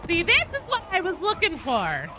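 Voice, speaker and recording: A woman in her thirties streaming a game live, chatting with her viewers in a lively, joking way with loud outbursts. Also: very high-pitched, normal speed, a loud crowd. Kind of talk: live-stream chat while gaming. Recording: game sounds and noise behind voice.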